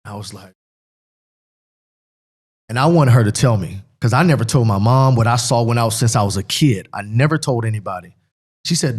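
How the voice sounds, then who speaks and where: A man's voice: medium pitch, animated, normal speed, pauses often, darkish tone. Man from pennsylvania telling his story all choked up, keeps restarting, middle voice. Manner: rambling and repetitive, earnest, breaks up with emotion. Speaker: guest, former football player. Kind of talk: emotional personal testimony.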